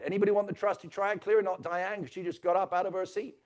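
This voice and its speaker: A man leading a live real estate training, teasing the audience and swinging between loud and soft. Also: high voice, steady tone, fast, hardly any pauses. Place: stage before a live audience.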